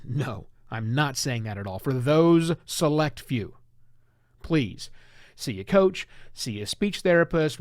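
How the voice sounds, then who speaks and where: A man hosting a solo podcast, talking in an animated, emphatic and conversational way. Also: fairly high pitch, no room sound, studio quality. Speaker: podcast host.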